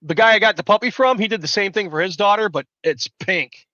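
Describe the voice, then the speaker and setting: Guy swearing nonstop on a live stream, bright pushy voice, muffled dry sound. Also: high-pitched, fairly quick, no echo. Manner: loud, rambling, swears constantly. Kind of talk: profane casual storytelling chat.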